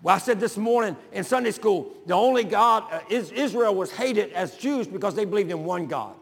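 Older pastor, gravelly and high-pitched, folksy sermon delivery in a reverberant church. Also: male voice, lively intonation, moderate pace. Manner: folksy, builds to shouting.

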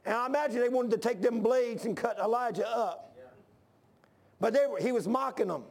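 A man preaching a fervent sermon, reading scripture aloud and rising to near shouts when worked up. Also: very high voice, moderate pace. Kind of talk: fiery sermon.

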